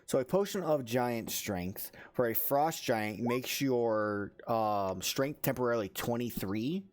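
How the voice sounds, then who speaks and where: A man's voice: medium pitch, expressive, a little slow. A man narrating as game master, rambling with many fillers.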